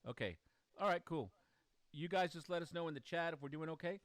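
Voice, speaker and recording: A man hosting a casual livestream in a slightly higher voice than most men, smooth and clear. He chats loosely and mutters to himself as he adjusts things, recorded dry and close with no room sound. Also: a little fast, dry recording. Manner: chatty, talks to himself while fiddling with settings. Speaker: host.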